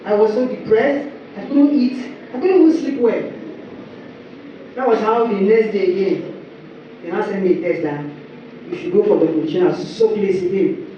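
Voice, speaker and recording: A young Nigerian woman telling her church testimony as a story, acting out quotes and rising high when she gets excited. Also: moderate pace, pauses often. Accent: Nigerian English. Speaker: church member giving testimony. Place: church hall. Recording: echoey, distant, muffled with background noise.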